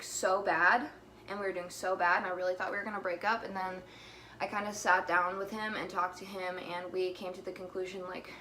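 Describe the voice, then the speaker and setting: A woman's voice: medium pitch, a bit bright, a little hiss or hum. A young woman rambling in a casual vlog, filling her talk with "like" and "you know", a little out of breath. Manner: chatty, many fillers like "like" and "you know". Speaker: vlogger.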